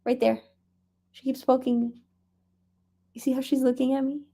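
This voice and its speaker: A woman hosting a relaxed reading livestream, chatting casually with viewers, laughing often and talking softly to her cat. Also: high voice, moderate pace, pauses often. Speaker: livestream host. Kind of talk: casual chat.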